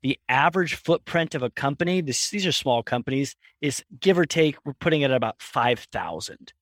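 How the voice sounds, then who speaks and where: Male guest, mid-pitch, animated storyteller who acts out voices, dry close recording. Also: fairly quick, no echo. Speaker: founder and guest. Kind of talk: conversational interview storytelling.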